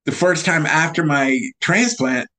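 A man appearing as a guest on a video call speaks unhurriedly in a voice on the high side. Animated, he laughs as he recounts his story and acts out old conversations.

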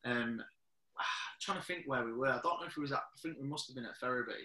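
Host guy, bright a bit high voice, lots of ums and laughing, echoey room. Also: quick pace. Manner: hesitant, laughing, with frequent ums. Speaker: podcast host. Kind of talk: casual podcast chat.

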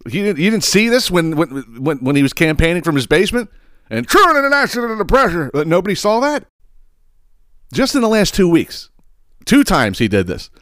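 A man's voice: fairly high pitch, big pitch swings, moderate pace, no echo, clean studio sound. A man hosting a podcast, ranting about politics with heavy swearing and repeated words. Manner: emphatic, swearing, repeats himself. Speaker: podcast host. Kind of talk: profane political rant.

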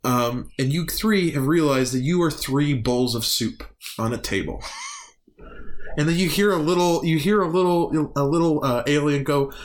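A young man narrating a tabletop game as game master, halting and giggly. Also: a little high.

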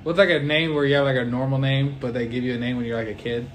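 A young man co-hosting a casual podcast, teasing his friend with quick reactions and jokes. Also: mid-range voice, steady tone. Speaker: podcast co-host. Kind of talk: casual chat.

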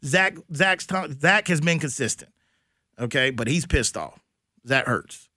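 A man hosting a sports radio show, talking in a blunt, animated, slangy way about football news. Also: mid-range voice, unhurried, dry recording, clean studio sound. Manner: animated, blunt, slangy, does mock voices. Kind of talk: casual sports talk.

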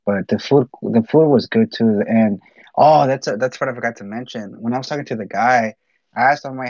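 A man's voice: medium pitch, a little fast, a little mellow, no room sound, highs cut off. A man telling rambling stories in casual chat, full of fillers and swearing. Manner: rambling storyteller, swears a lot, many fillers.

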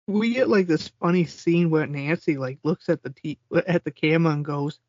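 A man's voice: a little high, moderate pace, a little mellow, no echo. Man retelling a film with laughs. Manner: retells scenes quoting lines, laughs often. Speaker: podcast co-host. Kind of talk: casual movie recap chat. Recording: dull lo-fi sound.

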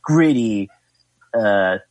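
A man's voice: fairly low pitch, lively intonation, extremely slow, a little mellow, poor audio. A man in casual tabletop role-play chat, a player who jokes and rambles in character.

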